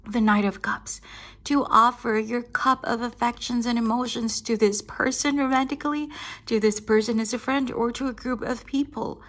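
Woman tarot reader with a higher voice, soothing and affectionate, laughs often and calls the listener darling. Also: fairly even intonation, moderate pace. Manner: affectionate, keeps saying darling and right. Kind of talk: tarot reading addressed to the viewer.

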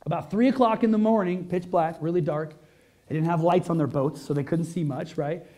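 High-voiced male pastor preaching. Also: a little fast, warm tone. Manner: conversational, with rhetorical questions, rising to emphatic peaks. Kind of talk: sermon.

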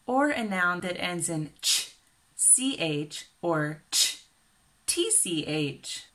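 A woman from Kansas with a Midwestern American accent, giving a careful, clearly enunciated English lesson for beginners. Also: fairly low pitch, sing-song, slow, pushed and bright. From Kansas, USA. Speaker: English teacher. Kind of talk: slow scripted ESL lesson.

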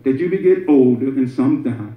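A man giving a Friday sermon in a conversational way, with laughing asides and shouted emphasis. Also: mid-range voice, lively intonation, normal speed. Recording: echoey muffled room recording.

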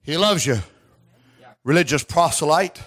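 A man preaching a sermon in a church service, fervent, with shouted peaks and call-and-response. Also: fairly high pitch, animated, unhurried. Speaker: pastor.

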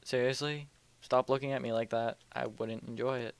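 Young man rambling over gameplay, gravelly. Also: medium pitch, steady tone, moderate pace. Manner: rambling, joking, mutters to himself while playing. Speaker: let's play host. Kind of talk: casual gameplay commentary. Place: home room at night.

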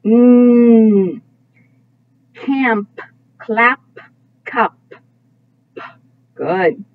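Slow, patient kindergarten teacher woman. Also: mid-range voice, expressive, dry recording. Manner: slow, drawn-out sound modeling with frequent praise. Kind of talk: phonics lesson for young children. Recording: tinny phone-like audio.

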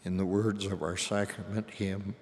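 An older man preaching a sermon to a large assembly in a slow, solemn and reverent way. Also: low-pitched, little pitch movement. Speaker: church leader. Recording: long hall reverb.

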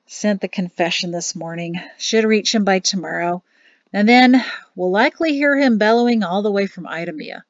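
A woman's voice: medium pitch, moderate pace, dry recording, close to an everyday voice. A woman reading aloud, voicing a young male army captain in a storybook in a plain, teasing voice. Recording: dull lo-fi, dry closet sound.

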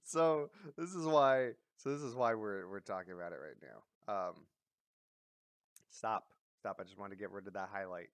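A man's voice: mid-range voice, lively intonation, normal speed, dry recording. Blunt male commentator, profane and rambling, dead-dry recording. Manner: blunt, profane, full of fillers and restarts. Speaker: commentary vlogger. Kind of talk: casual ranting commentary.

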